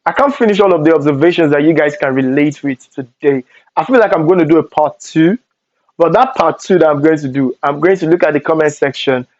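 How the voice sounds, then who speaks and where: Lively Nigerian young man telling stories. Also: on the high side, dry recording, dull audio. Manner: animated storytelling with Pidgin asides. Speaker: vlogger. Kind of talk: storytime vlog.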